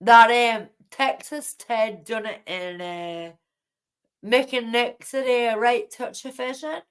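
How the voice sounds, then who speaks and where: Hosting a late-night livestream from home, a woman rambles indignantly while chatting with viewers and greeting them by name. Her voice is a little high and clean, and she takes her time.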